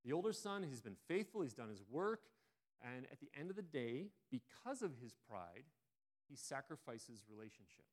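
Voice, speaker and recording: A man preaching a sermon, retelling a story in a relaxed, conversational way with frequent restarts. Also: medium pitch, normal speed.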